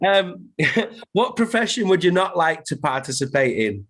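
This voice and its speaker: A man's voice: high-pitched, big pitch swings, measured pace, a bit bright. A man hosting a podcast, chatting casually with plenty of fillers and restarts. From Lancashire, England. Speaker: podcast host. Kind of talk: casual chat.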